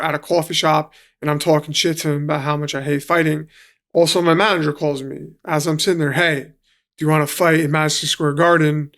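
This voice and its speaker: NY man, gravelly and a bit high-pitched, casual guest storyteller who swears a lot. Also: a bit bright. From New York City. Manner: swears freely, acts out quotes. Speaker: guest, professional fighter.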